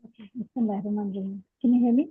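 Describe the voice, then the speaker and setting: A woman student reading a text aloud in class, halting and restarting words as she goes, heard over a video call. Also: mid-range voice, fairly even intonation, slightly rough, dry recording. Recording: phone-like call line.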